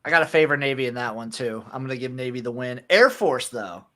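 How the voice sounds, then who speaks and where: A man's voice: mid-range voice, lively intonation, fast talker, a bit bright. Laid-back man chatting football picks. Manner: laid-back, opinionated, swears casually. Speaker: podcast co-host. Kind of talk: casual sports betting chat.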